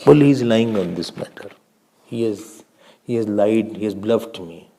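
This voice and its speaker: An older man with an Indian accent speaks as a swami in a slow spiritual discourse, his voice lowish, gravelly and mellow. He tells stories, poses questions and laughs often.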